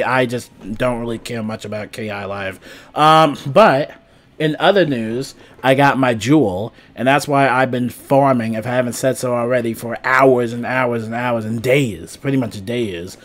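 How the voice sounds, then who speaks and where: A young man casually chatting about game news on his channel, rambling with lots of fillers and restarts. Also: mid-range voice. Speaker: gaming YouTuber. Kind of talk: casual gaming news chat.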